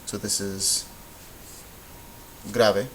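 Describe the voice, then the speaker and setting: A man with a fairly low voice gives a patient whiteboard lesson. He explains each step slowly and stops now and then to correct himself. A faint hum of noise sits under his voice. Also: little pitch movement, a bit bright, rough recording. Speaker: Spanish teacher.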